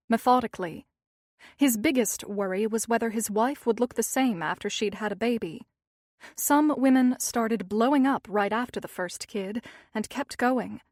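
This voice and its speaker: A woman narrating a thriller audiobook in an even, measured reading style. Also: a little high, no echo, studio quality.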